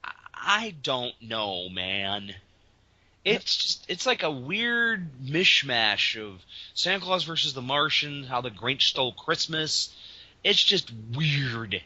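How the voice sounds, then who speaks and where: A man's voice: medium pitch, big pitch swings, takes it slowly, bright, forceful tone, no echo. A man co-hosting a podcast, telling a story in an exasperated, ranting way during casual comedic chat. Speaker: podcast co-host. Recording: dull lo-fi podcast audio.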